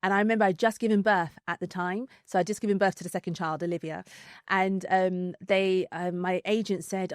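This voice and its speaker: A woman with a London accent, a podcast guest telling a story in casual chat, animated, laughing often, with many fillers and restarts. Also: lowish voice, fairly quick, clear, resonant tone, no echo, studio quality.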